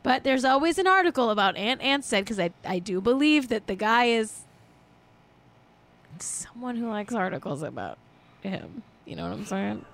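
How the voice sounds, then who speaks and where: A woman hosting a podcast, animated and gossipy in casual chat, laughing easily. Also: a little high, normal speed, gravelly. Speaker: podcast host.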